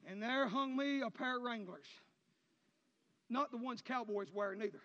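A man preaching in a very high voice. He swings from impassioned shouts down to hushed murmurs. The sound is a little muffled, with a long reverb from the church hall. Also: moderate pace. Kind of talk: sermon. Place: church sanctuary.

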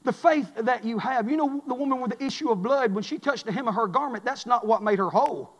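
A pastor preaching a fiery sermon in a church, swinging from hushed and intimate to loud shouting. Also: male voice, very high-pitched, quick pace. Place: church sanctuary. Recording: long hall reverb.

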